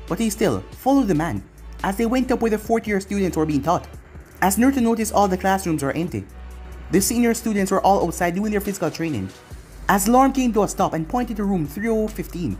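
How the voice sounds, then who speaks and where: A narrator reading an anime fan-fiction story with a voice that rises and falls a lot. The reading is steady and storybook-like. Soft music plays underneath. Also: medium pitch, fairly quick.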